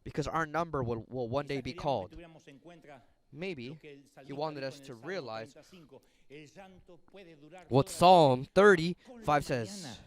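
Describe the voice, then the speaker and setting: In a slightly high voice, a middle-aged man preaches slowly, leaving long pauses. The sermon unfolds as animated, conversational storytelling directed at his audience.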